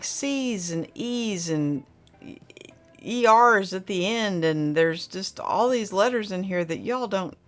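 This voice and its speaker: A middle-aged woman, hosting a casual livestream chat and reading viewer comments aloud in a rambling, friendly way. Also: mid-range voice. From Oklahoma.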